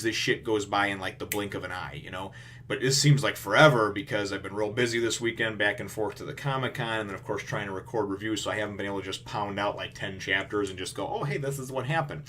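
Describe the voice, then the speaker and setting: Rambling man with a low, bright voice. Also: slight background noise. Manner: rambling, excitable retelling full of "you know". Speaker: manga chapter reviewer. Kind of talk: casual recap and commentary.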